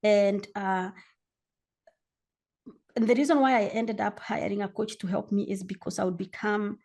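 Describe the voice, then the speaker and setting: Woman, 40s, from Kenya, gravelly, candid storyteller, animated, interview guest. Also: medium pitch, normal speed. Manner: animated, reenacts her own shouting in quotes.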